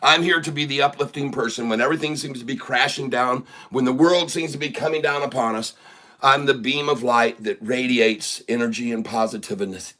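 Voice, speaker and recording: A man's voice: mid-range voice, fairly quick, pushed and bright. A man from Michigan hosting a casual stock-trading livestream, joking, rambling and laughing often.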